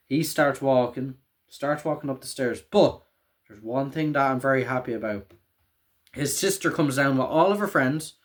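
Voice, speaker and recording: A young man in a casual vlog, rambling and swearing constantly as he recaps a TV finale, often tagging "right?" onto his sentences. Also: on the high side. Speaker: vlogger. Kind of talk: casual emotional TV show recap.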